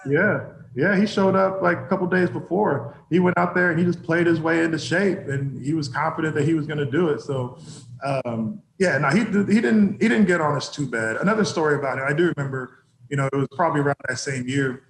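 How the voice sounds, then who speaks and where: Man, former player, casual storytelling, laughs often, gravelly, echoey room. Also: on the high side, a little fast, a little hiss or hum. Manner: laughs often while telling anecdotes. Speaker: former football player, guest.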